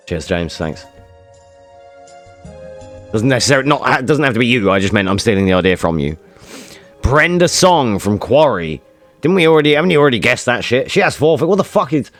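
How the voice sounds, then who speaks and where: A male streamer chatting casually with his viewers, joking around and swearing a lot. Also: medium pitch. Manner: joking, swearing, reacting to chat. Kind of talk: casual live-stream chat.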